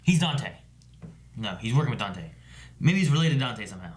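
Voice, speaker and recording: A man's voice: fairly low pitch, sing-song, brisk. A man co-hosting a casual reaction chat, laid-back and musing as he thinks aloud. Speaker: show co-host.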